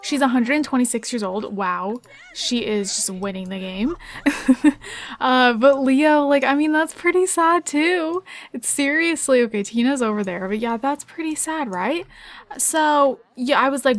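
A young woman giving bubbly, excitable commentary while playing a life-sim game, giggling often and chatting to her viewers. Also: high voice, a little slow. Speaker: gaming YouTuber. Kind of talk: Let's Play commentary.

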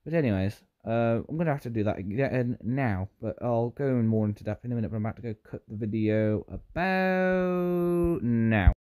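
A man's voice: mid-range voice, normal speed, warm tone, clear, resonant tone. A British man giving rambling, self-interrupting commentary while playing a game. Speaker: gaming YouTuber. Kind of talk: Minecraft gameplay commentary.

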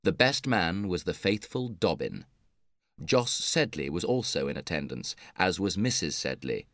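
A man narrating a story for English learners in a measured, clear reading. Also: low-pitched, big pitch swings, fairly bright tone, dry recording, clean studio sound.

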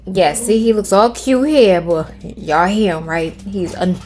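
A woman's voice: medium pitch, animated, unhurried, darkish tone, faint music behind. A middle-aged woman hosting a casual screen-recorded tutorial from home, chatting with viewers and thinking aloud as she types. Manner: chatty, talks to viewers as "y'all"; thinks aloud while typing prompts. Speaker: tutorial host.

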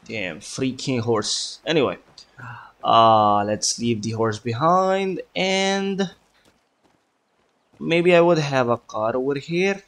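Slow-talking man commenting on gameplay. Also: medium pitch, fairly bright tone. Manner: chatty, mutters to himself, swears often; says he is putting on an accent for fun. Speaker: gaming video creator.

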